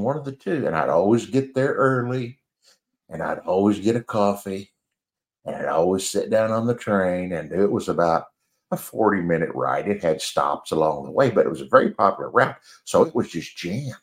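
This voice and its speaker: Deep-voiced man telling a rambling story. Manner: rambling, chuckling, self-deprecating. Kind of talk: casual anecdote storytelling.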